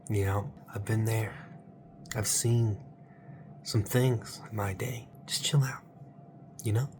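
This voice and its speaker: A man hosting a late-night comedic monologue. He rambles in a mock-motivational, absurd way and swings between hushed whispers and loud, drawn-out exclamations. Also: lowish voice, slight background noise. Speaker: channel host.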